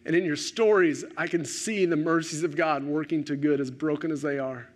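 Man preaching, higher voice, dramatic hushes. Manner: swings from animated rises to hushed, slow emphasis. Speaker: pastor. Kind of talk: sermon.

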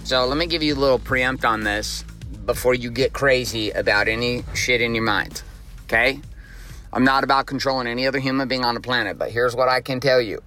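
A man's voice: medium pitch, a little fast, bright, forceful tone, soft background music. A man in his forties hosting a motivational podcast, talking bluntly and emphatically, with frequent profanity. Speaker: podcast host.

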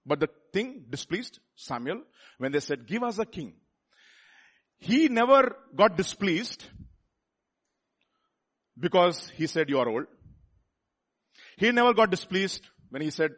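A man with a Telugu accent preaching a sermon, repeating words and building up to loud rhetorical questions. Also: a little high. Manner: repeats words and restarts phrases.

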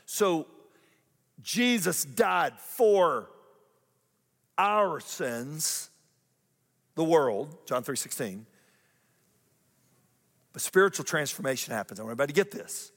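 A male pastor preaching a lively sermon, repeating phrases and climbing higher in pitch for emphasis. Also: slow pace, creaky, pauses often, big-room sound. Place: church auditorium.

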